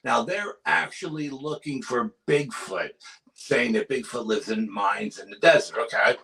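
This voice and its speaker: A man with a bright, forceful tone and mid-range pitch tells an eerie story with urgency. He is a guest on a paranormal chat and drops his voice to a hush for the spooky parts. His delivery is lively and conversational. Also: a little slow, vocal fry, poor audio. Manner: urgent storyteller, drops to hushed tones for suspense. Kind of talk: animated storytelling in casual chat.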